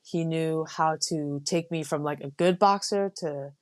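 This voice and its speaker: A young adult woman from the United States, a Marine officer guest, telling stories in a relaxed, casual way with many fillers. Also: low voice, a little slow. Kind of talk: casual interview.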